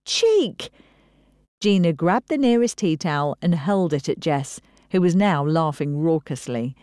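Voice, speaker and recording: Low-voiced woman narrating. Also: moderate pace, mellow, dry recording, clean studio sound. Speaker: audiobook narrator. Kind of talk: scripted narration.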